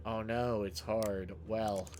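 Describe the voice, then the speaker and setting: A man's voice: fairly low pitch, steady tone, slow, noisy background. A man streaming a video game, chatting casually and jokingly with his viewers in a rambling way. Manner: rambling, joking, reacting to chat.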